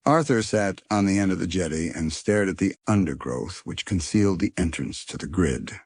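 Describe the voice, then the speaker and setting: A man narrating a children's storybook in an expressive reading voice. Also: sits low, moderate pace, breathy edge.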